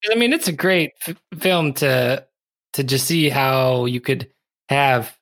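Speaking slowly in a fairly bright, mid-range voice, a man in his thirties co-hosts a podcast in a dry recording. He reviews a movie in relaxed conversation, often laughing and doing silly voices when he quotes lines.

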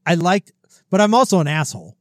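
A man's voice: sits high, very animated, quick pace, fairly bright tone, dry recording, clean studio sound. A man co-hosting a podcast in casual chat, blunt and swearing freely, joking about himself. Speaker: podcast co-host. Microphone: close podcast mic, breathes into it.

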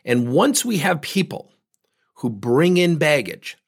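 A man's voice: fairly high pitch, big pitch swings, takes it slowly, creaky, husky. A middle-aged man giving a motivational business talk, speaking directly and emphatically and repeating points for stress.

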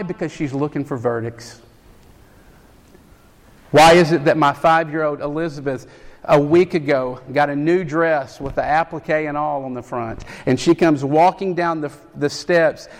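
A man preaching a sermon, animated, building to loud emphatic peaks. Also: a little high. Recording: long hall reverb.

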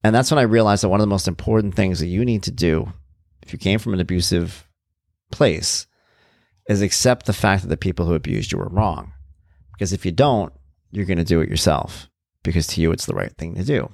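A man's voice: low voice, animated, brisk, creaky, darkish tone, no room sound, studio quality. A middle-aged man earnestly telling his own life story as a parent, candid and reflective. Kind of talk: personal storytelling.

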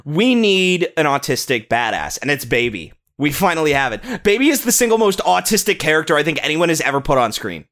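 A young man co-hosting a casual podcast, talking excitedly about a film, swearing often and restarting his sentences. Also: a little high, fairly quick, hardly any pauses. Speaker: podcast co-host. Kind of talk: casual movie-review chat.

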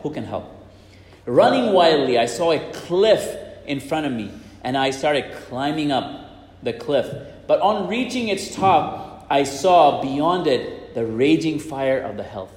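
A man's voice: fairly high pitch, a little mellow. A man preaching and retelling a religious story in an earnest way, often repeating himself as he goes. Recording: echoey hall with long reverb.

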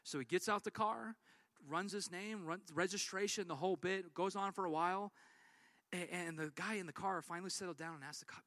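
Animated high-voiced preaching man. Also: a little fast, no echo. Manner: animated storytelling with acted-out quotes. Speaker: pastor. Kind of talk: sermon.

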